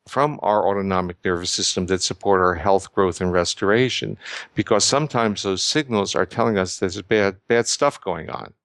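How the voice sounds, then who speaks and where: An older man giving measured, lecturing explanations as an interview guest, often restarting his sentences. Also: on the low side, no echo. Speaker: guest researcher.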